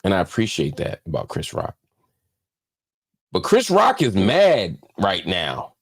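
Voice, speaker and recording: A man's voice: sits low, huge pitch swings, gravelly, husky. A man hosting a political commentary show, talking with heated, preacher-like force and hammering phrases through repetition. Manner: heartfelt, slower, subdued. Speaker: host.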